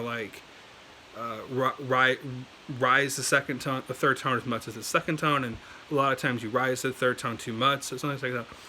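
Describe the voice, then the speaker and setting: Young American male YouTuber, bright tone, loose rambling teaching delivery, light hiss on the track. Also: medium pitch, poor audio. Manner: rambling, lots of fillers and restarts. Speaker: language learning YouTuber. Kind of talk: casual video lesson.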